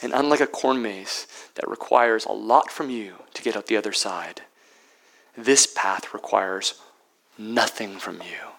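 A man preaching a sermon as pastor, swinging between loud emphatic peaks and hushed, near-whispered lines. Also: fairly low pitch, a little slow, vocal fry, low-quality recording.

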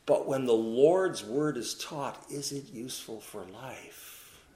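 A man's voice: medium pitch, slow, warm tone, slight background noise. A man preaching a sermon, asking the congregation questions and answering them himself. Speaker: pastor. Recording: echoey room.

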